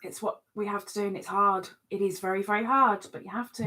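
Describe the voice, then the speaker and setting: A woman's voice: medium pitch, steady tone, fairly quick, few pauses, fairly bright tone. A woman hosting a casual live stream, reading out viewers' comments and answering them in a teasing, chatty way.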